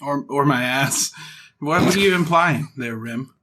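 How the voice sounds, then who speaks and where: A man's voice: medium pitch, unhurried, sharp tone. A man co-hosting a comedy podcast, jokey, telling stories in a loose way. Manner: jokey, storytelling. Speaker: podcast co-host. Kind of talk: casual comedic podcast chat.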